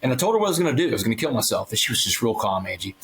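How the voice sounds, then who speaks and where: A man sits as a guest on a podcast and talks his way through a personal story with conviction. He speaks at a mid-range pitch and acts out the voices of the people in his story. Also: rapid-fire, a little hiss or hum, poor audio. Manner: earnest, animated storytelling with quoted dialogue. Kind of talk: storytelling interview.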